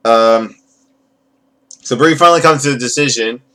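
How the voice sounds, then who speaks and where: A man's voice: medium pitch, moderate pace, bright, forceful tone. A man hosting a casual TV review podcast, rambling and profane, acting out the people he quotes. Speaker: podcast host.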